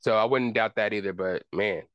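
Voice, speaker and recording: Guy venting on his podcast, lowish voice, dry close sound, rambles and swears. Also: normal speed, no room sound, muffled recording. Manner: frustrated, rambling rant with cursing. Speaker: podcast host. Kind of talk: casual sports talk.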